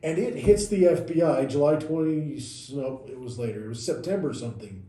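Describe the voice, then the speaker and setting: Dark-voiced man explaining in a roomy space. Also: a little high, brisk. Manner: recounts events step by step, corrects himself mid-sentence. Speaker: podcast co-host. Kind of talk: casual explanatory chat. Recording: roomy echoey room.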